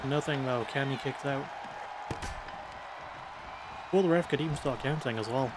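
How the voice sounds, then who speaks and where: A man's voice: mid-range voice, normal speed. Sleepy man commentating over crowd noise. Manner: laid-back, swearing, rambling asides. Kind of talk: casual play-by-play commentary of a wrestling video game. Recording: crowd noise and game sounds behind.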